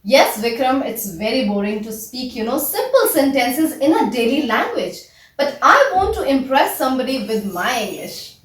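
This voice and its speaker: A woman's voice: high-pitched, sing-song, moderate pace, recorded from a distance. A woman teaching English in a chatty way, often saying "you know" in a scripted lesson dialogue. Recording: echoey room, away from the mic.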